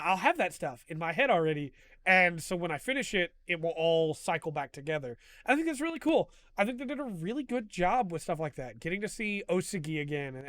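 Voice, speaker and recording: This host, whose voice is high, smooth, and fairly bright, retells a beloved show in a casual review monologue, effusive and visibly moved. The sound is dry and close-up, without any surrounding room.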